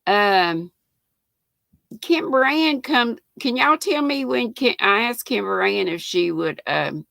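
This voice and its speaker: An older woman hosting a casual livestream, chatting about yarn and reading comments with easy laughter. Her voice is bright with a gravelly edge, and she takes her time. The sound is dry and close. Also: mid-range voice, animated, slow pace, no room sound. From United States. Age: 60s. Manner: chatty, laughs often, reads comments aloud. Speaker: livestream host reading chat. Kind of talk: casual chat.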